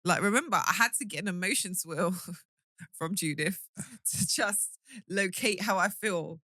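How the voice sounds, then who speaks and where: A young woman chatting on a podcast, her voice bright and forward. She talks in a playful, animated way and laughs a lot. The sound is dry and close, with no room around it. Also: mid-range voice, measured pace, dry recording. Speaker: podcast co-host. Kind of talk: casual chat.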